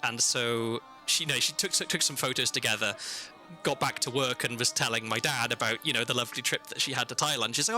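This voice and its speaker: A young man from South Wales, speaking with his home accent as he streams a game. He rambles casually, stumbling over his words and looping back on himself. His tone is bright and sharp, with faint music in the background. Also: mid-range voice, fast talker. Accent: South Welsh. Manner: rambling, self-interrupting storyteller. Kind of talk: casual chat while playing a game.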